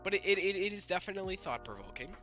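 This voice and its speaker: A young man co-hosting a casual podcast, rambling with fillers and restarts and a slightly raspy voice. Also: high voice, big pitch swings, racing, pushed and bright, soft background music. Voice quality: slightly raspy, throat-clearing. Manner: rambling, lots of fillers and restarts, laughs often. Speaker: podcast co-host. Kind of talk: casual chat.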